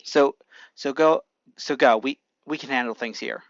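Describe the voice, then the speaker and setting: A reader voicing a calm, cool teenage boy hero in a lower, firm voice, reading amateur fan fiction. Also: normal speed, dry recording, dull audio, lightly acted.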